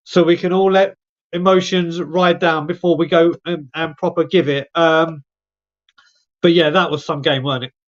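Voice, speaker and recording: Guy hosting a stream, chatty storyteller, kinda high voice, muffled lo-fi audio. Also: normal speed. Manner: chatty, animated storyteller who mimics friends. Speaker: show host. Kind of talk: casual storytelling on a live stream.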